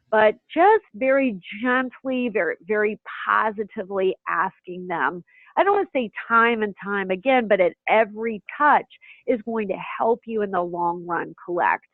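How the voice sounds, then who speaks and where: A woman giving a webinar presentation on practice management, chatty and lively, acting out little scenes between schedulers and patients. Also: medium pitch, no room sound. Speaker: healthcare practice management speaker. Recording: tinny phone-line audio, dry.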